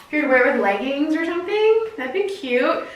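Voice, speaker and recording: Chatty high-voiced woman in echoey room. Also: very animated, brisk, recorded from a distance, highs cut off. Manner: chatty, giggly, lots of fillers. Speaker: fashion unboxing vlogger. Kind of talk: casual try-on haul chat.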